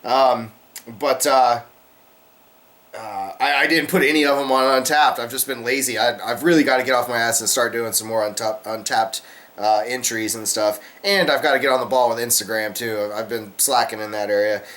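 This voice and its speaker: A man's voice: mid-range voice, normal speed. Rambling, easygoing man chatting to camera. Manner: rambling, relaxed, many fillers and restarts. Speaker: beer review vlogger, channel host. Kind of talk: casual chat to camera.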